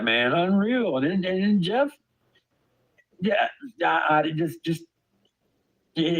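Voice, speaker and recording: On a low-quality recording, a man with a slightly high voice delivers a heated, profane rant to his stream about online drama. He is an adult father who swears hard and stammers in disbelief.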